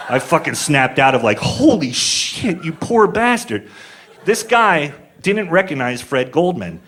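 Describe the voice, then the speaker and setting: A man's voice: mid-range voice, fairly bright tone. A man in his forties doing a stand-up comedy set, telling crude stories in a rambling, laid-back way with lots of filler words. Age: 40s.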